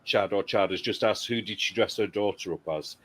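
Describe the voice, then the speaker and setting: A man's voice: fairly low pitch, brisk, over a noisy crowd. A man from the UK co-hosting a casual chat podcast, blunt and opinionated. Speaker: podcast co-host.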